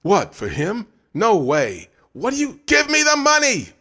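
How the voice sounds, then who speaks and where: A man's voice: fairly low pitch, lively intonation, normal speed, vocal fry, sharp tone, breathy edge, full character voice. A man reading an audiobook, voicing a whiny, protesting teenage boy in a raised voice. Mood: indignant. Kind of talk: audiobook narration.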